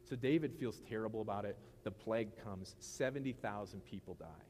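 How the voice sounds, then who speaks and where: A man's voice: on the low side, a little fast, a little mellow. Joking man preaching a casual sermon. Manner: joking, conversational asides. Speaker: pastor.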